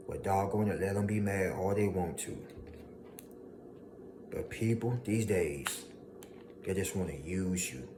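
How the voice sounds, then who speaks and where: A man delivers an emphatic motivational monologue, hammering home his points by repetition. His voice sits low and deep. A steady hiss of background noise runs under it. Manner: preachy, emphatic, repeats lines for effect, mocking voices of haters. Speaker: motivational speaker.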